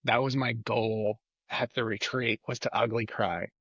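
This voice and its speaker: A man's voice: medium pitch, fairly even intonation, measured pace, a bit bright, husky, dry recording. Rambling man with a dull lo-fi sound. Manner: rambling, leans on repeated filler phrases. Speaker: podcast guest. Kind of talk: casual chat.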